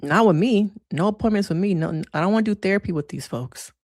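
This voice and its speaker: A woman's voice: medium pitch, fast talker, a little mellow, dry recording, clean studio sound. A woman therapist giving casual, frank livestream commentary with plenty of slang and laughter. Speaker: therapist reviewing reality TV.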